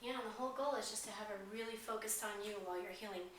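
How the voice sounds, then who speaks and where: A woman dog trainer explaining a training routine step by step in a calm instructional demonstration, pausing with frequent fillers. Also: mid-range voice. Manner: explains steps calmly, with frequent "um"s. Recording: very echoey, distant mic, faint noise.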